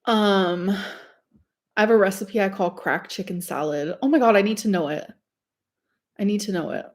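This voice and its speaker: A woman's voice: medium pitch, normal speed. A young woman chatting casually on a livestream, gushing over food and reading the chat. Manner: chatty and gushing, says "like" a lot. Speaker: streamer reading live chat.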